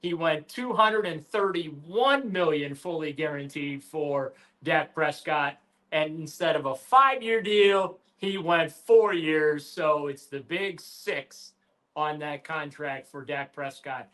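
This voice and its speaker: Bright-voiced man on sports radio. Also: fairly high pitch, slow. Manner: animated, emphatic, with restarts. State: has the hiccups. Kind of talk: casual sports talk.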